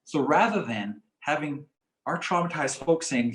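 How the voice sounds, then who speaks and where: A man presenting a community talk on coping with stress, explaining in a calm, measured way and repeating key phrases. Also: fairly high pitch, slight background noise. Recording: roomy echo.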